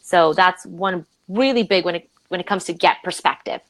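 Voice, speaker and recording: Woman, Romanian-born leadership coach, animated guest storyteller. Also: moderate pace, poor audio. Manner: animated, acts out quoted voices with big pitch jumps. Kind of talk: conversational interview storytelling.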